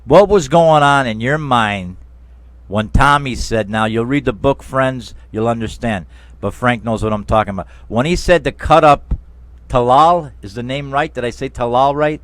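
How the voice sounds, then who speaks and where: A man's voice: mid-range voice, moderate pace, dry recording. A man hosting a casual interview, talking emphatically and turning to the listeners as friends and folks. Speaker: interview show host.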